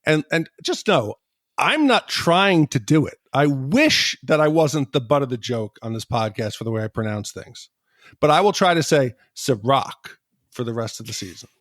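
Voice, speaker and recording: A man's voice: medium pitch, moderate pace, dry recording. A man co-hosting a podcast, talking in a self-deprecating, jokey way. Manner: self-deprecating, animated, laughs often. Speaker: podcast co-host. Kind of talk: casual podcast chat.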